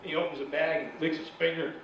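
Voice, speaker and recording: A man's voice: a little high, little pitch movement, quick pace, a bit bright, highs cut off, a little hiss or hum. A man doing a stand-up routine in a comedy club, telling a story and acting out the other people in it. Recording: echoey club, far mic, crowd laughter.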